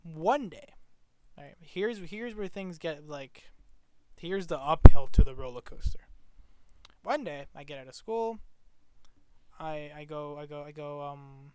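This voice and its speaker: A man's voice: on the high side, lively intonation, unhurried, long pauses, a little mellow, clear, resonant tone, dry recording. A man telling a personal story to the camera in a casual, rambling way, full of restarts and swearing. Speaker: vlogger.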